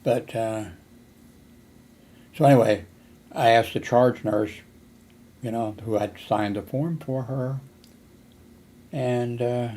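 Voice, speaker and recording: A man's voice: medium pitch, fairly even intonation, takes it slowly, long pauses, warm tone. Older man telling a rambling story. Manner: meandering, many fillers and restarts. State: hard of hearing. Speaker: vlogger.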